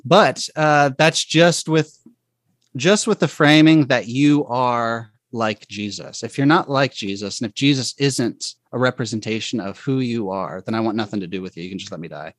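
A man telling a personal faith story in conversation, speaking haltingly and reflectively with many restarts. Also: medium pitch, dry recording.

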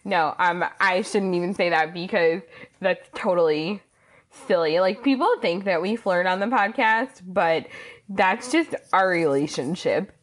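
A woman guest in a casual podcast chat, playful, expressive and self-deprecating. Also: fairly low pitch, a little slow. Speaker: power wheelchair user.

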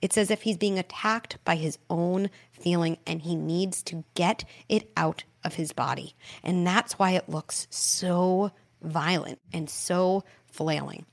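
A woman hosting an advice call-in show, talking parents through tantrums in a warm, animated way and acting out playful scripts. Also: fairly low pitch, takes it slowly, vocal fry. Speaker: parenting expert, show host.

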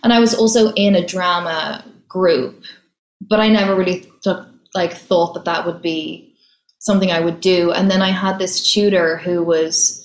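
A woman, an actress being interviewed, chatting casually and telling stories quickly with easy laughs. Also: on the low side, steady tone, echoey room, low-quality recording. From Ireland. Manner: chatty, laughs easily, fast storytelling.

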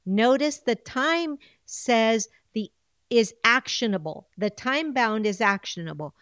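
A woman's voice: mid-range voice, expressive, unhurried, a bit bright, clear, resonant tone, no room sound, clean studio sound. A woman coaching her audience on goal setting, switching between English and Spanish with a coaxing manner and repeated phrases. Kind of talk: bilingual coaching talk.

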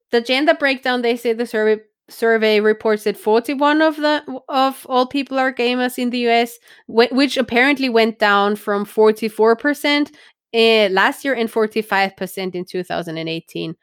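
A woman's voice: on the high side, normal speed, fairly bright tone, smooth, no echo, clean studio sound. A woman hosting a podcast in casual chat, frank and blunt, thinking aloud and checking in with "right?". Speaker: podcast host.

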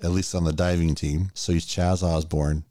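A man's voice: low voice, moderate pace, dry recording. A man co-hosting a casual podcast, recapping a movie scene by scene and acting out the characters' lines. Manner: animated retelling, acting out lines. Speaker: podcast co-host.

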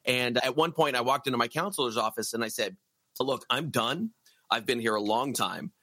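A man's voice: mid-range voice, normal speed, sharp tone, no echo. A middle-aged man, a musician, telling a long story in a casual interview, acting out quotes and laughing often.

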